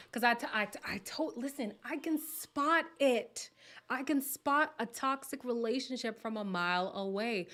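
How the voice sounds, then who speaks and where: A woman's voice: a little high, fairly bright tone. Chatty, playful woman hosting a live chat. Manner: chatty and playful, laughs often, drops to a whisper at times. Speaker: live stream host. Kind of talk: casual live chat reacting to viewer comments.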